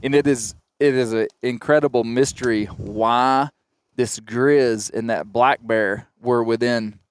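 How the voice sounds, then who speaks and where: A man's voice: medium pitch, unhurried, clear, resonant tone. A middle-aged man hosting a podcast, animatedly retelling a story in casual chat. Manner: animated retelling, acts out shouted quotes. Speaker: podcast host.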